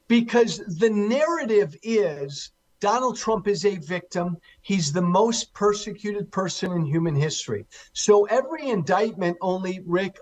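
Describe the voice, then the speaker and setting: Emphatic high-voiced man on talk radio. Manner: emphatic, repeats key words for stress. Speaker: guest commentator. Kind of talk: talk radio political interview.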